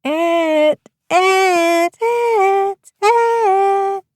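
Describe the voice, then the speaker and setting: A man voicing a gentle, childlike middle-aged woman who speaks in a sing-song voice in an audiobook. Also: very high-pitched, little pitch movement, extremely slow, no room sound, clean studio sound, pitched above the performer's own voice, full character voice. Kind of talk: audiobook character voice.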